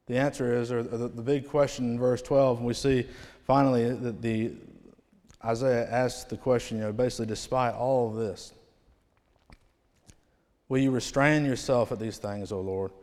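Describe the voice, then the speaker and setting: A man preaching a revival sermon in a church, rising to loud proclamations and falling to near-quiet phrase endings. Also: medium pitch, fairly even intonation, moderate pace. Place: church sanctuary. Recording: long hall reverb.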